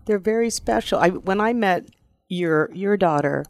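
Low, gravelly-voiced woman host. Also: animated, a little slow, darkish tone, dry recording, studio quality. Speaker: podcast host. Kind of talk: casual interview.

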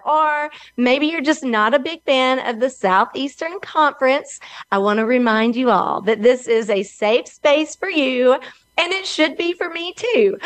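A middle-aged woman with an Alabama Southern accent, hosting her own talk show in a slow, earnest, motivational way. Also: fairly high pitch, a bit bright, clean tone, dry recording. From Alabama, USA. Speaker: podcast host.

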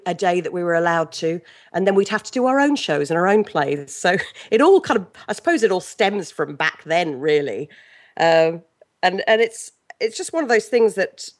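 Chatty middle-aged Englishwoman, lowish voice. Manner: chatty, animated storyteller with frequent restarts and laughs. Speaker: guest. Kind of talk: casual interview chat.

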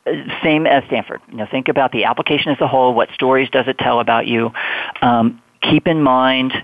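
A man's voice: medium pitch, brisk, dry recording. Man, admissions advisor, phone-line sound, dry, chatty explaining. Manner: relaxed, explanatory, many fillers. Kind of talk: conversational advice.

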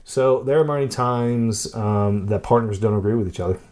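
A man co-hosting a podcast in casual chat, relaxed and often tagging "right?" with plenty of fillers. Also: fairly low pitch, moderate pace. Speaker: podcast co-host.

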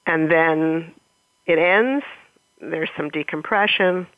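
Low-voiced woman author on a phone line. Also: slow pace, no echo. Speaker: author reading from her novel. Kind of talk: interview answers and reading aloud.

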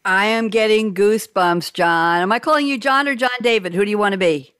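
A woman's voice: medium pitch, a little fast, a bit bright, clear, resonant tone, no room sound. A woman hosting an online radio interview show, talking in an enthusiastic, effusive way. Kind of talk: casual interview chat.

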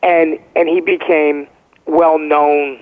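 A man's voice: fairly high pitch, flat delivery, slow. Emphatic man on a tinny phone line. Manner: emphatic, checks in with "okay?". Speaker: guest, former first responder. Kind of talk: phone-in interview storytelling.

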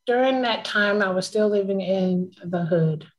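A woman's voice: medium pitch, unhurried, rough recording. Woman telling her story on a podcast, emotional, laughs a lot. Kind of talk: casual conversation.

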